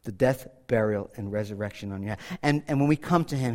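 A male pastor preaching a sermon earnestly, swinging from loud appeals to hushed, quiet lines. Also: mid-range voice, lively intonation, quick pace, hardly any pauses. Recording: long hall reverb.

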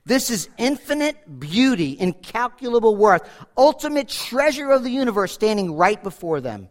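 Male preacher, higher voice, animated delivery that swings between loud and hushed. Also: moderate pace. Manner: asks the congregation direct questions. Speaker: pastor. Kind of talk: sermon.

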